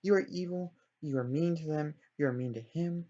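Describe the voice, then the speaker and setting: A man's voice: fairly high pitch, normal speed, warm tone, natural voice. A man voicing an orphan girl who angrily accuses her cruel aunt, on a dull lo-fi recording. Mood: indignant. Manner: indignant, accusing.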